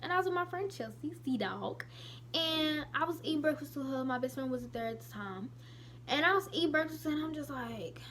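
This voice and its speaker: Chatty young woman, slightly high voice. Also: fairly quick, slight background noise. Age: late teens. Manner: chatty, animated retelling with lots of "I was like". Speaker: vlogger. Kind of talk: casual storytelling to camera.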